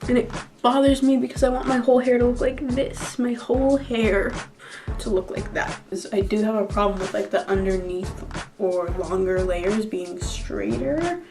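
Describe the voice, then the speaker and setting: A woman's voice: mid-range voice, moderate pace, over music. A young woman vlogging casually to camera, rambling nervously and mocking herself. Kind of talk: casual vlog chat.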